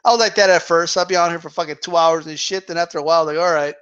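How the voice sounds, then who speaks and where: Male boxing-stream host, high voice, laughs a lot, slangy and casual. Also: fairly even intonation, rapid-fire, fairly bright tone, clear, resonant tone, dull audio. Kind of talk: casual chat reading viewer questions.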